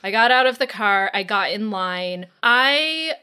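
A woman in casual podcast conversation, telling a story in an animated way and acting out her own past thoughts. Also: medium pitch, a little slow, smooth.

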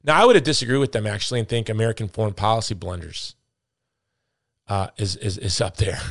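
A man's voice: lowish voice, fast talker, dry recording. Middle-aged man ranting with dry sound. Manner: ranting, emphatic, repeats words for stress. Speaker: podcast host. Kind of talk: impassioned podcast commentary.

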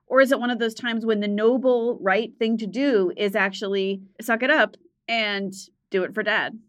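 A woman's voice: mid-range voice, fairly even intonation, normal speed, a bit bright. A woman co-hosting an advice podcast, reflective and asking probing questions in a casual way. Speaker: podcast co-host.

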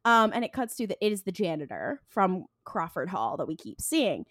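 A woman co-hosting a podcast, casually recapping an episode, retelling scenes with quick bits of quoted dialogue and frequent ums. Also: lowish voice, big pitch swings, no echo, studio quality. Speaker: podcast co-host.

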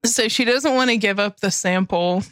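A woman's voice: medium pitch, normal speed, a bit bright, dry recording. A woman co-hosting a podcast, telling a history story in casual chat, giggling often and swearing casually. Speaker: podcast co-host.

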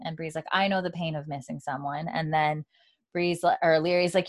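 A woman with a fairly low voice recaps a TV episode in casual conversation. She keeps quoting the characters' lines in between plenty of fillers. The sound is dry and close. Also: steady tone, normal speed, no echo. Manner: retells scenes with quoted lines, many fillers and laughs. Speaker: podcast co-host recapping a TV episode.

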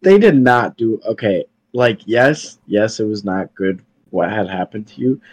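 A podcast co-host in casual chat, ranting in exasperation and mock-quoting other people. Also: male voice, lowish voice, expressive, unhurried, no room sound.

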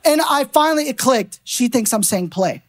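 Woman preacher, brisk storyteller, laughs easily, slightly high voice, church sermon. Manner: animated storytelling, laughing, conversational. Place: church sanctuary.

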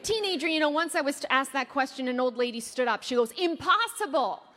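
A woman from Canada in her thirties giving a fast, playful keynote speech, quizzing her live audience with questions and quick asides. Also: high-pitched, a bit bright. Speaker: keynote speaker. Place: large hall before an audience. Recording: long hall reverb.

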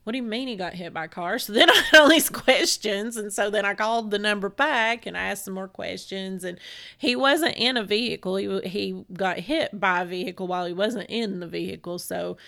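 Bright-voiced woman telling a story. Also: medium pitch, a little fast, vocal fry. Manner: emotional, rambling retelling with restarts. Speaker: podcast co-host. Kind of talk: casual storytelling chat.

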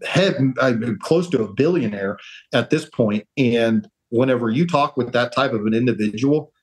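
A man appearing as a podcast guest, a real estate entrepreneur, gives advice in casual interview talk, earnest and rambling, restarting sentences and acting out the quoted voices of others. His mid-range voice moves at normal speed, and the recording is rough.

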